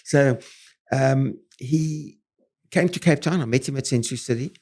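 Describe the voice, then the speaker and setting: An older South African property developer, a guest in an interview, tells business stories at normal speed and a middle pitch. He speaks in animated, punchy bursts, stumbling over fillers and restarts as he goes.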